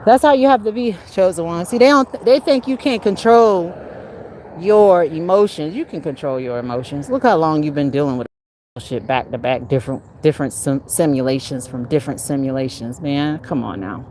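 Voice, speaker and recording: A woman hosting her own livestream, talking casually and preachily about spiritual warfare, laughing often and swinging from loud bursts down to low mutters. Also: lively intonation, moderate pace, a little hiss or hum. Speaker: livestream host.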